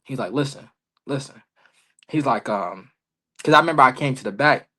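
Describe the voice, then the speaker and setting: Animated young man telling a story. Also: mid-range voice, normal speed. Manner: animated storyteller, heavy slang, acts out quoted dialogue. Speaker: podcast guest, professional wrestler. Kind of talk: casual storytelling interview.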